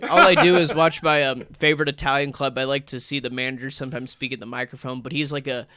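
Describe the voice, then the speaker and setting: Rambly comedian dude on studio radio, dry close sound, lots of "like" and "um". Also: male voice, medium pitch, steady tone, fast talker, pushed and bright, dry recording. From San Francisco Bay Area. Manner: rambling, thinks aloud with many fillers. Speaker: guest comedian. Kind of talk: casual radio chat.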